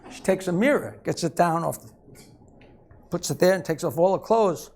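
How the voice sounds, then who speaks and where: A woman hosting a comedy show, telling dirty jokes with a bawdy, teasing manner. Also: mid-range voice.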